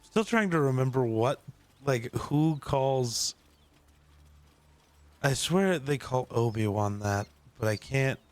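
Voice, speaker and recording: A man streaming a game live, joking and bantering loudly with his co-player. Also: mid-range voice, animated, takes it slowly, long pauses. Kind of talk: casual gaming stream chat.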